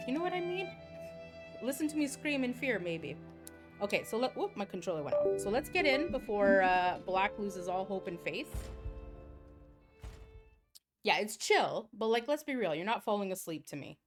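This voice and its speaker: A young woman chats with her live-stream viewers while she plays, reading their messages aloud as they come in. Her voice sits at an ordinary pitch, and her delivery is expressive and quick to exclaim. Game music plays clearly behind her.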